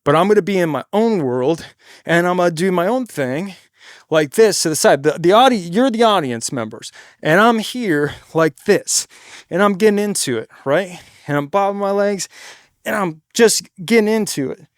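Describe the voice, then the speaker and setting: A young man who sings in a band gives a casual, energetic lesson on stage moves, swearing freely and often tagging "right?" and "dude". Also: sits high, moderate pace, no echo, clean studio sound. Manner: energetic, demonstrates moves, bursts into shouted song lines. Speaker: singer giving stage tips.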